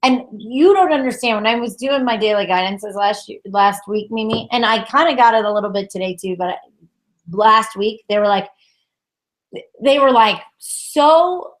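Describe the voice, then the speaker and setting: A woman co-hosting a tarot chat in a casual, emphatic way, full of "like" and quick laughs. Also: medium pitch. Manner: emphatic, exasperated, laughs often, says "like" a lot. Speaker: co-host tarot reader.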